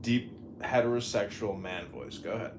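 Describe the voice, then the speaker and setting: A man hosting a casual podcast chat, giving slow, deliberate directions. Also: fairly low pitch. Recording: echoey room, faint noise.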